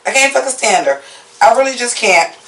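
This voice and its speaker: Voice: medium pitch, fairly quick, echoey room, recorded from a distance, a little hiss or hum. A host giving a casual episode recap and review, blunt, profane and openly opinionated, mocking the scenes they dislike. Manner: animated, mocking.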